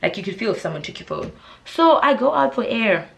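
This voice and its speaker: A young woman with a South African accent, telling a casual storytime vlog in an animated, dramatic way, with shrill high voices for the people she quotes and hushed whispers for the tense parts. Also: fairly quick, vocal fry. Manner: drops into hushed whispers when telling suspense. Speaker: YouTuber.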